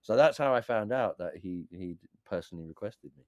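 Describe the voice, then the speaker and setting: A man, a DJ and beat maker who is a guest on a podcast, telling stories in a lively, swearing, casual way and acting out what others said. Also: lowish voice, brisk, dry recording, studio quality. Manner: animated, swears freely, acts out quotes. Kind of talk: casual storytelling chat.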